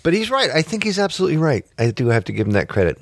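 A man's voice: mid-range voice, sing-song, vocal fry, no room sound, clean studio sound. A male podcast host in casual chat, playful and teasing. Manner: playful, teasing, quick to laugh.

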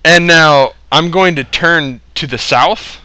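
A man's voice: fairly high pitch, slow, pushed and bright, no room sound, low-quality recording. A man telling a story in casual chat, swearing freely and laughing often between phrases.

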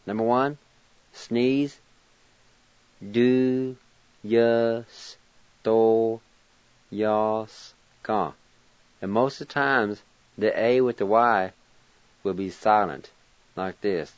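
A man with a lowish voice teaches pronunciation at a very slow, careful pace, spelling each word out one letter at a time. He sounds patient and encouraging, and the recording is dry and a little dull, like an old radio studio. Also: dry recording. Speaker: language teacher and radio host.

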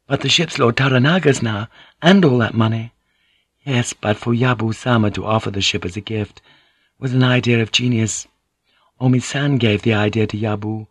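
A man's voice: medium pitch, husky, no room sound, lightly acted. A man voicing a polite, tactful young courtesan with a soothing, diplomatic manner. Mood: reassuring.

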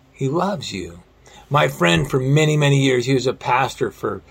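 A man preaching a sermon in an earnest way, slowing down and dropping his voice very low on quoted lines. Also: vocal fry, husky. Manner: earnest, slows and drops to near-whisper on quotes. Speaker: pastor.

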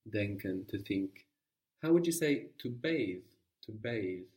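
A man's voice: lowish voice, animated, takes it slowly, darkish tone, recorded from a distance. A man teaching a guided language lesson, patiently prompting his student with questions.

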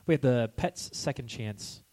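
A man's voice: mid-range voice, animated, a little slow, mellow. A young man co-hosting a podcast in casual chat, rambling with many restarts and frequent laughs. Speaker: podcast co-host.

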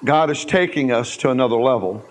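A man's voice: mid-range voice, brisk. A man, the church's pastor, speaking to his congregation in a plain storytelling way. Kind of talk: address to the congregation.

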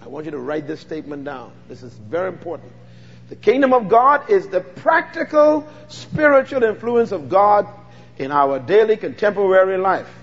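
A man's voice: high-pitched, lively intonation, normal speed, in a large hall, muffled recording, slight background noise. A Bahamian man preaching a fervent sermon, calling out to the congregation for responses.

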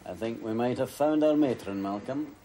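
An actor playing a shrewd businessman giving brisk orders to an employee. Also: mid-range voice, mellow, slight background noise, natural voice. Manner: brisk and commanding.

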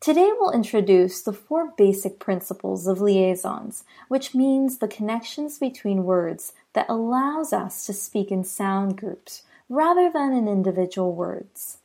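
A woman teaching pronunciation, speaking deliberately and repeating each example for practice. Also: medium pitch, expressive, mellow. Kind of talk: scripted pronunciation lesson.

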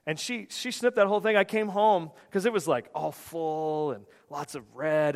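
A man's voice: on the high side, normal speed, vocal fry, few pauses. A male pastor preaching a sermon, telling stories animatedly and often restarting his sentences. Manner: animated storytelling with frequent restarts. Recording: long reverb of a large hall.

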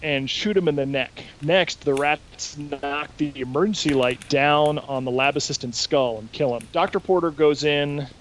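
A man hosting a podcast, casually recapping a show in an animated way and swearing freely. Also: on the high side, normal speed, few pauses, slight background noise, poor audio. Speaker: podcast host. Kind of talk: casual chat, recapping an episode.

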